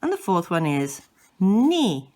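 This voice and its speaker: Slow, low-voiced woman teaching patiently. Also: lively intonation. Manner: patient, repeats and demonstrates sounds, occasional self-corrections. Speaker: language teacher. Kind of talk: slow instructional explanation.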